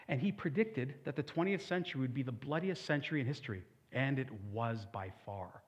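A man's voice: medium pitch, expressive, brisk, few pauses, slightly rough, highs cut off. A man preaching a sermon as a pastor, conversational with humorous asides.

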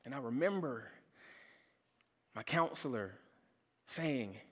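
A man's voice: medium pitch, expressive, slow pace, fairly bright tone, breathy edge. A man preaching a sermon, telling a personal story earnestly and often restarting his sentences. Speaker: pastor. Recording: long hall reverb.

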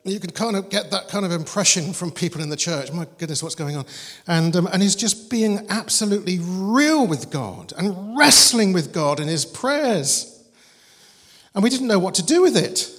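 A man preaching in a relaxed, storytelling way, with a fairly high voice. His words ring out in a long church-hall reverb, and he mixes scripture with dry humour. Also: moderate pace. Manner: conversational storytelling preacher, animated and humorous. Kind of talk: sermon.

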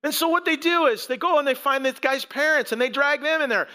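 A man's voice: very high voice, a little fast, few pauses, pushed and bright. A middle-aged male pastor giving a conversational sermon, telling the story with animation and acting out the voices of the people in it.

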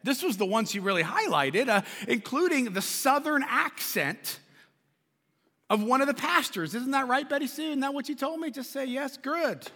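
A man's voice: extremely high pitch, expressive, normal speed, pushed and bright. A man preaching a sermon as pastor, talking in a conversational way with repeated words and questions to the congregation, in a large church. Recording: long church reverb.

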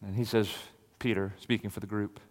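A man preaching an expository sermon, swinging from loud declaration to hushed near-whisper. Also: on the low side, little pitch movement, brisk, big-room sound.

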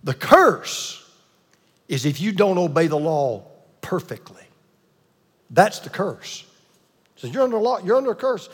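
A man's voice: sits high, very animated, measured pace, long pauses, breathy edge, in a large hall. A man preaching a sermon with emphatic delivery, repeating key points and calling on the congregation to answer. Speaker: pastor.

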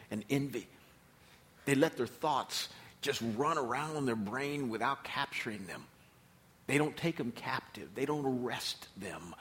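A man's voice: medium pitch, lively intonation, a little slow, fairly bright tone. A man preaching a sermon as pastor, emphatic and repeating his key phrases.

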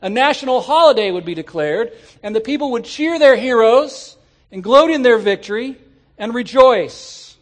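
A man preaching a sermon to his congregation, animated and rising at times to shouts. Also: very high-pitched, normal speed. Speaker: pastor. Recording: church sermon audio.

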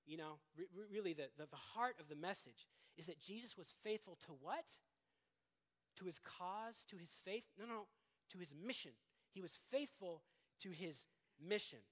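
A middle-aged male pastor preaches earnestly, often restarting his phrases. He swings between loud emphasis and quiet, low stretches.

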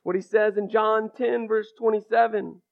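A male preacher with a high, gravelly voice delivers an impassioned sermon, dropping to near-whispers before swelling into loud, ringing declarations. The sound is narrow and phone-like, as if heard down a telephone line. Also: little pitch movement, moderate pace. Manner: impassioned, builds from hushed to loud. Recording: thin phone-like recording.

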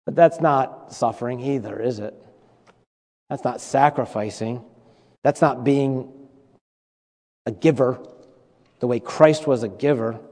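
A man's voice: on the high side, darkish tone. A man delivers a sermon in a church. His voice carries a long reverb through the hall. He preaches conversationally, with humor, repetition and asides to the congregation. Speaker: pastor. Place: church sanctuary.

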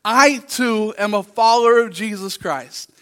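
A male pastor preaching a sermon, telling stories with lively acted-out voices. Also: high-pitched, measured pace. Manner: animated storytelling, acts out voices in anecdotes.

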